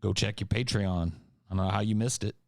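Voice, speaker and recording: A man's voice: lowish voice, a little fast, creaky, darkish tone, no room sound, studio quality. A man from Central California with a California accent and a faint Southern tinge, hosting a casual podcast Q&A in a blunt, rambling, profane way. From Central California, USA. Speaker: podcast host.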